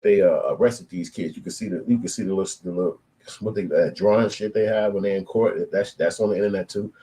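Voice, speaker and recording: A man around thirty telling stories in casual street slang, animated and profane, acting out the voices of people in his stories. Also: sits low, fast, rough recording. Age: 20s to 30s. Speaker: storyteller. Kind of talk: casual street storytelling monologue.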